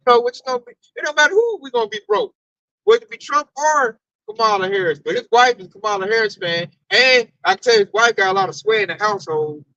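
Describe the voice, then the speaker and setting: A man in a casual religious group discussion, telling animated stories and swearing freely. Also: very high voice, creaky, no room sound. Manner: animated storyteller, mimics coworker, swears freely. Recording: dull dry recording.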